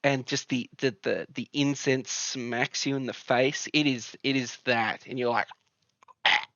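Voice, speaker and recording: A man running a tabletop game as game master, describing scenes in a relaxed, rambling way with many fillers. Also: medium pitch, a little slow, no room sound, highs cut off.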